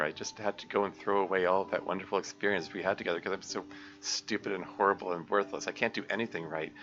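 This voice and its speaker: A man reading his own visual novel aloud in a low, subdued first-person narration. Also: sharp tone. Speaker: mod developer reading his game. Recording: dull lo-fi sound, faint music.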